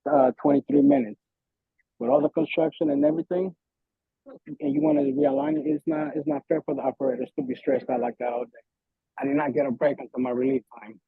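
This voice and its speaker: A man's voice: on the high side, creaky, breathy edge, no room sound. A man, a bus operator, giving an emphatic, frustrated public comment at a transit board meeting. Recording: tinny phone-like sound.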